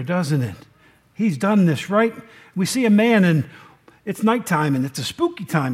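A man's voice: a little high, breathy edge. A man, preaching a folksy sermon and asking the congregation questions. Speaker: pastor.

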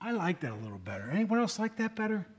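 Guy preaching, pretty high voice, jokey and chatty, keeps asking the room stuff. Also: big pitch swings, fast talker. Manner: chatty, joking, asks the room questions. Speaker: lay preacher. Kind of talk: casual sermon.

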